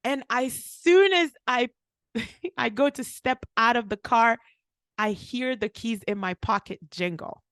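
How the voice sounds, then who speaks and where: With a voice on the high side and a slightly slow pace, a young pharmacist co-hosting a podcast tells a story casually, with no echo. She's animated, acts out people's quotes and uses "like" frequently.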